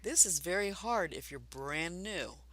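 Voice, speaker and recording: A woman teaching a basic reading lesson for adults, patient and encouraging, speaking slowly and clearly. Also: on the low side, animated, fairly bright tone.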